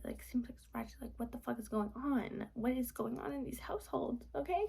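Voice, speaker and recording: A woman's voice: fairly high pitch, fast talker, gravelly, hardly any pauses, warm tone, husky. A young woman venting casually in a late-night vlog from her apartment, rambling with lots of "like" and sometimes dropping to a whisper. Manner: rambling, frequent "like", drops to whispers. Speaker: vlogger.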